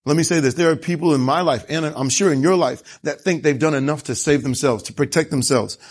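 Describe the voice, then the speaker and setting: A man's voice: a little high, brisk, slightly rough. A man preaching a sermon, telling the story with animation and asking rhetorical questions. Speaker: pastor.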